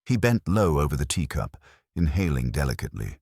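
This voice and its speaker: A man narrating a mystery in a dramatic storytelling way. His voice is extremely low with a husky grain, and his pitch moves in a lively way. The recording is close and dry. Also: a little fast, dry recording.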